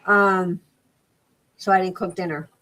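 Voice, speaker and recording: A woman's voice: fairly low pitch, steady tone, a little slow, noisy background. A middle-aged woman hosting a crafting live stream, chatting casually and rambling as she repeats and restarts words. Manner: reads crafting measurements aloud. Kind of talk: casual chat while crafting.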